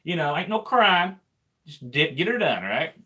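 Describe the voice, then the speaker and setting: A man's voice: on the high side, big pitch swings, normal speed, bright, forceful tone. A man, a trucker co-hosting a casual livestream chat, joking and stumbling over his words. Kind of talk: casual live-stream chat.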